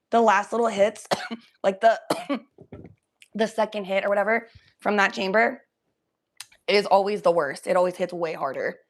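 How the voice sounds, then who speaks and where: A young woman hosting a casual livestream from her room at home, talking loosely, high and coughing from smoke. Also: measured pace, pauses often. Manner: loose, chatty, often coughing between lines. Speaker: livestream host. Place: home bedroom.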